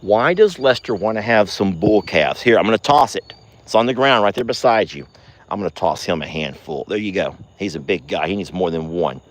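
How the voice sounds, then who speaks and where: Outdoors at night, a man hosts a casual ranch vlog, drawling to his viewers and cooing at his cows in a high sing-song. His intonation is lively and his pace fairly quick.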